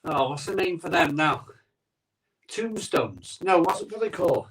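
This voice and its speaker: A rambling, chatty man with a voice that sits a little high for a man. He hosts a casual live stream from his home conservatory and talks into a phone mic. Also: animated, normal speed, a bit bright, distant mic, low-quality recording. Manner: rambling, chatty, reads out viewer comments. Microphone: iPhone microphone.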